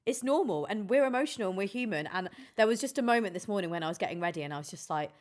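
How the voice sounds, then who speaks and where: A woman's voice: mid-range voice, expressive, very fast, darkish tone. A woman, a DJ chatting candidly and emotionally on a podcast, swearing freely. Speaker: DJ and guest. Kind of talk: casual podcast chat.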